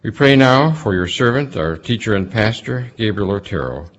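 A man leading a formal congregational prayer in a measured cadence. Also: fairly low pitch, expressive, muffled recording, a little hiss or hum. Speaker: church leader leading prayer. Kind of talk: public prayer.

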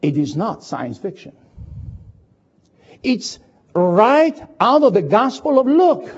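Man, preacher, sermon, slow delivery, husky voice, dull lo-fi sound. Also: high voice, very animated. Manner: slow, dramatic storytelling with sudden shifts between loud and hushed. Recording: dull lo-fi recording.

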